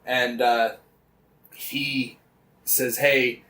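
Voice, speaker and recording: A man's voice: medium pitch, steady tone, moderate pace, a bit bright. A man co-hosting a casual podcast, animatedly retelling events with lots of swearing and "like" fillers. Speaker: podcast co-host.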